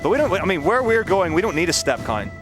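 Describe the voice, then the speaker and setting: A playful man talking through speedrun strategy with a slightly high and very lively voice that bounces around as he talks. Game music plays steadily behind him. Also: fast. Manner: playful, laughing, teasing. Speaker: speedrun commentator. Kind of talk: casual live-stream banter.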